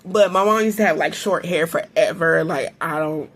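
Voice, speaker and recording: Husky candid woman yapping late at night. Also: sits low, normal speed, fairly bright tone. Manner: candid, profane, laughs often, emphatic. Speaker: spiritual reader and host. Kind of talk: late-night casual monologue.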